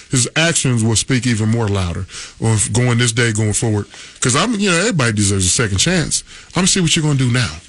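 A man's voice: mid-range voice, a bit bright. A man on sports radio telling a locker-room story, laughing often and acting out his teammates' lines. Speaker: radio guest.

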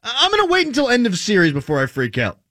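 A man's voice: sits high, fast talker, no room sound. Guy talking hockey on a sports show, lots of swing in his voice, dry close sound. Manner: animated, jokey, mock impressions. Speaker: sports talk radio host. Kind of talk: casual sports talk.

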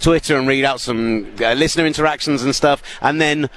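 A British man in his thirties, chatting casually as an interview guest with lively storytelling. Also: mid-range voice, fairly quick. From United Kingdom. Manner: chatty, animated storytelling with laughs. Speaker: radio broadcaster guest.

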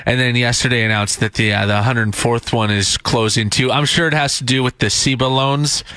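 A man's voice: medium pitch, steady tone, moderate pace, sharp tone, smooth, no room sound. A man hosting a morning radio show, chatty and teasing his co-hosts.

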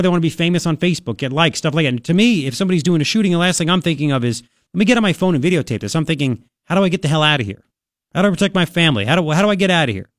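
A man's voice: fairly high pitch, no echo, clean studio sound. A man hosting opinionated talk radio commentary, sarcastic and incredulous, repeating his points for emphasis. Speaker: talk show host.

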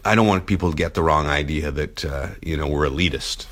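A man's voice: extremely low pitch, a little fast, fairly bright tone. A man hosting a podcast in a hotel suite, joking casually and laughing often. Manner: laughs often, playful teasing. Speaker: podcast host. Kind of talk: casual banter.

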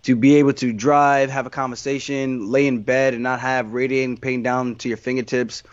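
A man's voice: mid-range voice, flat delivery, normal speed, no echo, muffled recording. A man being interviewed about his fighting career, answering in a candid, rambling way with lots of restarts.

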